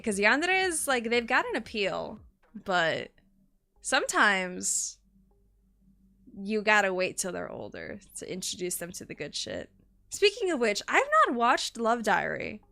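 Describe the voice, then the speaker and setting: Bright-voiced excitable woman streamer. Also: mid-range voice. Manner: excitable, swears freely, gasps and laughs often. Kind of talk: casual stream chat.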